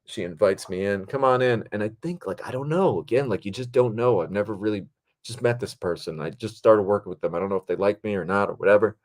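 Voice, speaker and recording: A man with a very low, deep voice tells stories from a film set in an easygoing, rambling manner. He often jumps higher and louder to act out what people said, then drops back to his relaxed, talky pace. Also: fast. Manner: rambling and animated, acts out quotes in higher voices. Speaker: podcast host and film director. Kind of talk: casual storytelling monologue.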